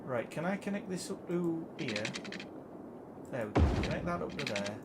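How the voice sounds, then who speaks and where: A man's voice: on the high side, big pitch swings, moderate pace, heavy background noise. A man with a Geordie accent giving live commentary as he plays a city-building game, swearing constantly and sounding exasperated. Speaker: game streamer.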